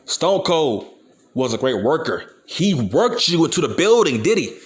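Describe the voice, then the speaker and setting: A man's voice: a little high, sing-song, a little slow. A young man from Compton, hosting his channel and ranting bluntly and profanely about wrestling. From Compton, California. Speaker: channel host. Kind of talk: ranting commentary video.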